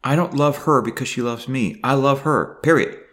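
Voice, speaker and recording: An older man talking to the camera in a personal video diary, halting and emotional, with many fillers and restarts. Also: medium pitch, a bit bright. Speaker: vlogger.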